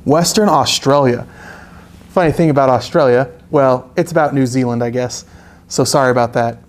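A young man hosting a live painting lesson, relaxed and joking with chatty asides. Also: medium pitch, normal speed. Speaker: art instructor hosting a live painting stream. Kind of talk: casual live tutorial chat.

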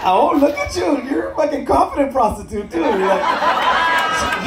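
A man's voice: very high voice, animated, measured pace, very noisy. A man doing crowd-work stand-up on a cruise ship, teasing the audience with profane jokes and laughing at his own lines. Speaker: stand-up comedian. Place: cruise ship comedy club. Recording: echoey room, loud crowd laughter.

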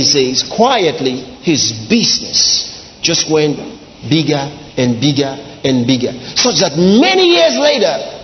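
Preaching man, high and animated, in a hall. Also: a little hiss or hum. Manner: dramatic preaching with wide swings, soft drawn-out lines and shouts. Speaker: pastor. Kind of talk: sermon. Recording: dull lo-fi sound in a large reverberant hall.

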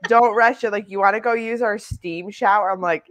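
A young woman from Canada, a guest author and new mother, chatting in an interview and telling lively stories with laughter. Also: medium pitch, moderate pace. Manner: chatty, laughing, storytelling with voiced quotes. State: new mother, sleep deprived. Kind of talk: casual interview chat.

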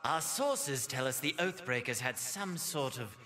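Haughty mocking masked spymaster, bright lively delivery. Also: male voice, mid-range voice, a little slow, faint music behind. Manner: mocking, lofty, speaks of himself as "we".

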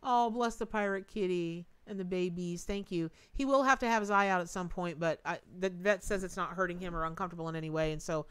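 With a fairly low pitch and a clear, resonant tone, a middle-aged tarot reader chats through a live reading quickly and with few pauses. Folksy and emotive, she thanks donors and says "y'all" and "Lordy," and there's no room sound.

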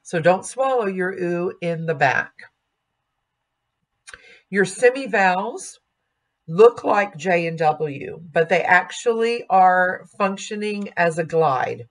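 A woman teaching a music diction lesson, speaking slowly and carefully and modeling sung vowels and words aloud. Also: lowish voice, expressive.

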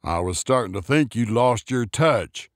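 A man voicing a gruff, short-tempered older man who talks in curt, clipped orders. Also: mid-range voice, expressive, a little slow, no echo, clean studio sound.

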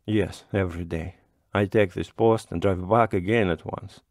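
A man reading a story aloud voices an angry, self-important middle-aged postman who shouts in a tearful, furious voice. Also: low-pitched, steady tone, moderate pace, no room sound, clean studio sound. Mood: curt.

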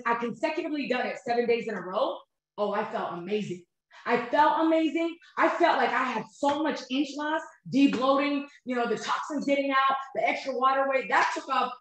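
A woman's voice: a little high, fairly bright tone. A woman in her thirties, a nutrition coach giving an upbeat motivational webinar talk, often checking in with "you guys" and "right?". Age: 30s. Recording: very echoey room.

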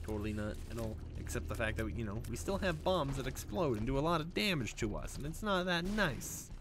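A man giving jokey, animated gameplay commentary as a YouTuber, talking back at the game, with faint game music behind him. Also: mid-range voice, brisk, noisy background. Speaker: gaming YouTuber.

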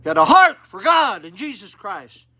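A man's voice: high voice, sing-song, normal speed, bright, forceful tone, breathy edge. An older man preaching a sermon at a rescue mission, plain-spoken and folksy with fervent appeals, in an auditorium.

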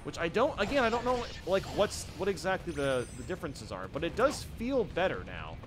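A young man giving casual, jokey let's-play commentary, reacting loudly to the game as he plays. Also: a little high, fairly quick. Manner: excitable, jokey, yelps at the game. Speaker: gaming YouTuber. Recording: faint game music behind.

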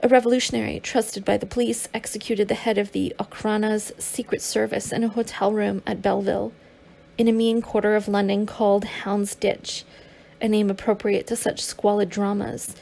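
A woman's voice: mid-range voice, level tone, moderate pace, creaky, dark tone. A woman narrating a memoir as an audiobook, with occasional stumbles and restarts.

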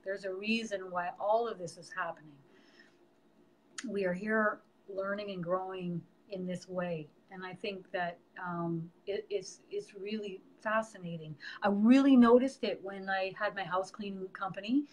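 A woman's voice: medium pitch, fairly even intonation, measured pace, low-quality recording. A middle-aged woman, a medium, hosting a casual live stream and chatting about her work with many fillers. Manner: chatty, warm teaching with frequent fillers. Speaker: medium and host.

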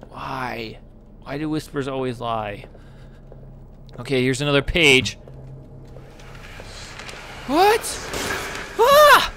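A man's voice: on the high side, a bit bright, a little hiss or hum. A young man commentating a horror game as he plays, jumpy and panicky, breaking into screams and swearing when something startles him. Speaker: gaming YouTuber.

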